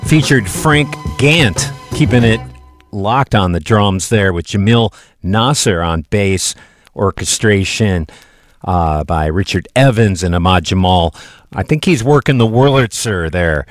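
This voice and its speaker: A man's voice: lowish voice, a little slow, no echo, soft background music. A man hosting a live jazz radio show, chatting casually with lots of fillers and asking listeners for donations. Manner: relaxed, chatty, loose with fillers. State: a bit out of breath. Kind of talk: live radio DJ patter and pledge drive. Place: radio studio.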